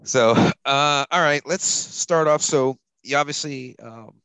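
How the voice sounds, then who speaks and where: A man's voice: medium pitch, takes it slowly, a bit bright, smooth, no echo, rough recording. A man hosting a casual sports podcast, rambling loosely and chuckling as he talks. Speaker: podcast host.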